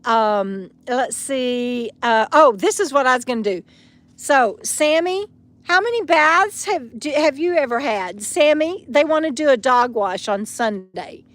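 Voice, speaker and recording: A woman's voice: high voice, lively intonation, unhurried, a bit bright, no echo. Chatty woman reading live comments. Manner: chatty, reads viewer comments aloud with fillers. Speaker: vlogger answering live chat. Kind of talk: casual live-stream chat.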